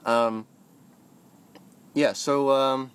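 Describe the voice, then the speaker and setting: A man's voice: medium pitch, steady tone, drawn-out words, smooth. Sweary rambling young man with a phone. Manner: swings between soft mumbling and loud sung or shouted bursts, swears freely. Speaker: vlogger. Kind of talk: rambling motivational monologue. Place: moving vehicle, talking to a phone.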